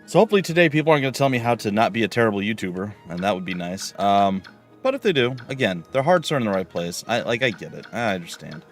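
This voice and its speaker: A man's voice: lowish voice, big pitch swings, fast, soft background music. A man streaming a game live, chatting casually and rambling with many fillers as he plays. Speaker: let's play streamer.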